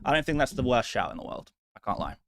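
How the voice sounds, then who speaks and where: A man hosting a live stream, chatting casually as he answers viewer questions, self-deprecating and quick to laugh. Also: mid-range voice, big pitch swings, creaky, a bit bright, dry recording, studio quality. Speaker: fantasy football streamer.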